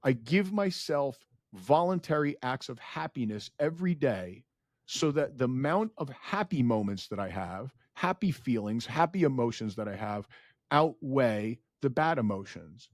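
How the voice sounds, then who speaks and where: A man in his forties, a company founder telling stories as a podcast guest in an earnest, animated way. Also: a little slow, no echo, clean studio sound. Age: 40s. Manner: earnest, animated storyteller, rises in pitch when emotional. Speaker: guest, data center founder. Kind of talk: podcast interview storytelling.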